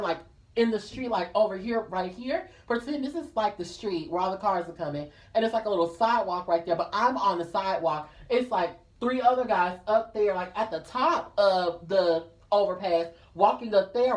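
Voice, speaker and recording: A chatty woman vlogger tells a personal story straight to her viewers, calling them girl and y'all. She is lively and acts out the people in her tale. Her voice sits in a middle range and sounds a little distant from the mic. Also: medium pitch. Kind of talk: casual storytime.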